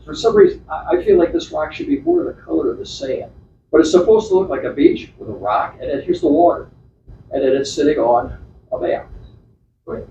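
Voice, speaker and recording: A man's voice: a little high, warm tone, slight background noise. A man giving an informal slide talk at a club meeting, chatty and rambling, with many restarts and fillers. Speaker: club presenter. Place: meeting room. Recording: echoey, distant, dull club meeting recording.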